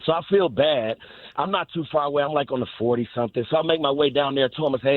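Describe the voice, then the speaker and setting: A man calling in to a sports radio show, telling an animated story full of laughs. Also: fairly high pitch, fast talker, dry recording. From Chicago South Side. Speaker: caller. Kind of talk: excited phone call. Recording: tinny phone line.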